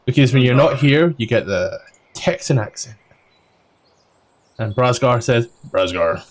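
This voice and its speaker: Scottish guy running a tabletop game, rambly, lots of ums, swears now and then, mid-pitched voice. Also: animated, measured pace. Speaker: dungeon master. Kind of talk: casual tabletop game recap.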